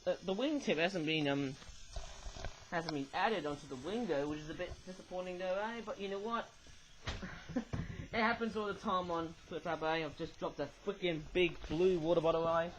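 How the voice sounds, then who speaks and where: A man's voice: sits high, moderate pace, noisy background. A man giving a rambling, casual toy review, often tagging his sentences with "eh?".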